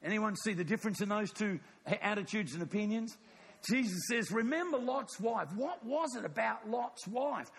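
A man preaching a sermon, telling a story with animated acted-out dialogue. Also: high voice, normal speed, vocal fry, husky.

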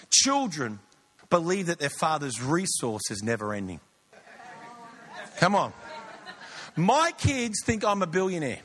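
A man preaching a sermon, telling stories animatedly and shouting out punchlines. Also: sits high. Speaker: pastor.

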